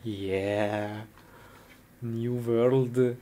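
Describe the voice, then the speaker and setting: Woman, low voice, comic skit, startled outbursts, broken English, noisy recording. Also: lively intonation, very slow. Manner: loud startled exclamations and laughter; simple broken English phrasing. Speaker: comedy sketch performer.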